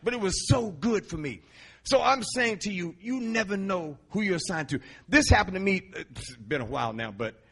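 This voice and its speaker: A middle-aged man, a Christian musician, preaching in a lively storytelling way, laughing often and stretching words for emphasis, with a husky voice. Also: on the high side. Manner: animated, laughing, drawn-out emphasis. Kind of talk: storytelling sermon.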